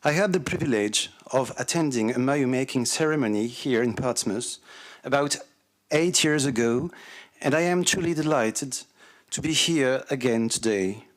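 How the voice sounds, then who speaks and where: French-accented man giving a formal speech. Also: mid-range voice. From France. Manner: slow and deliberate, reading carefully. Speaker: visiting civic representative.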